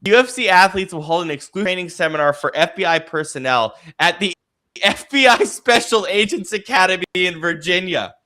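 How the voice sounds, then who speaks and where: A man with a fairly high voice and a bright, forceful edge co-hosts a loose sports chat show. He reads the news out excitably and laughs along as he goes. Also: fairly quick. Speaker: podcast co-host. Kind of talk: casual chat.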